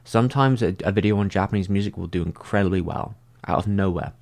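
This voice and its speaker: Low-voiced man rambling through stream chat. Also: fast, gravelly, darkish tone. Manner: rambling, heavy use of "like"; thinks aloud with frequent restarts. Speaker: streamer answering viewer comments. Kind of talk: casual livestream chat.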